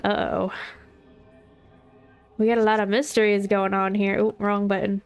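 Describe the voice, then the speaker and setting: A woman's voice: mid-range voice, flat delivery, normal speed, pauses often, clear, resonant tone, soft background music. A woman chatting casually and joking to herself as she plays a video game. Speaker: gameplay commentator. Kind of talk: casual gameplay commentary.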